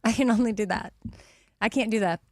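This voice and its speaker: A woman's voice: mid-range voice, fairly quick, dry recording, studio quality. A woman co-hosting a radio show, chatting casually and reacting with laughs. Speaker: radio co-host. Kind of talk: casual studio banter. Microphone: studio microphone.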